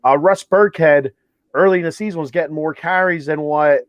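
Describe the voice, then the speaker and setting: A man with a voice on the high side co-hosts a casual sports talk show at normal speed, chatty and full of restarts and filler words. He's in a home room with a TV showing a ballgame in the background, and the lo-fi audio is dull and dry with no room sound.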